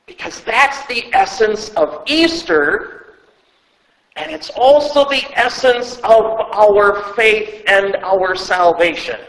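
A man's voice: sits high, lively intonation, slow pace, a bit bright, reverberant, big-room sound, rough recording. A man preaching a sermon as pastor, speaking emphatically and asking the listeners rhetorical questions, sometimes repeating words as he goes. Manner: stumbles and repeats words when speaking off the cuff.

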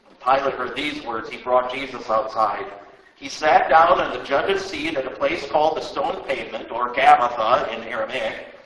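A man giving a dramatic, expressive reading of scripture. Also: medium pitch, normal speed, distant mic. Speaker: reader. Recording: roomy sound, away from mic.

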